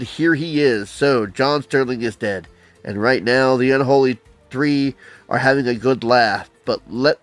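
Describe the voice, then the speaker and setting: A man's voice: medium pitch, dry recording. A man casually reviewing an old comic book, reading panels aloud and adding wry comments.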